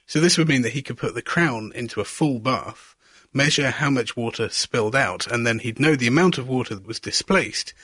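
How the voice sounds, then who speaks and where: A man's voice: mid-range voice, moderate pace, fairly bright tone, breathy edge, no echo, clean studio sound. A man presenting a radio science segment, asking curious questions and narrating each step of an experiment. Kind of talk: hands-on science demonstration chat.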